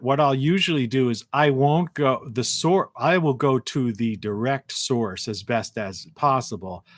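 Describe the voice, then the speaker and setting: A man hosting a live talk show in a rambling monologue, with frequent restarts and a morning voice, clearing his throat now and then. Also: mid-range voice, no echo. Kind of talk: solo live-stream monologue.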